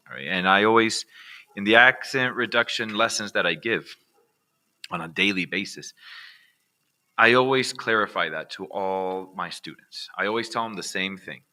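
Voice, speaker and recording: An American man teaching accent reduction in a relaxed, conversational way, often checking in with "all right". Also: fairly low pitch. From United States. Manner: casual, repeats "all right" as a check-in with viewers. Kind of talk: recorded online lesson.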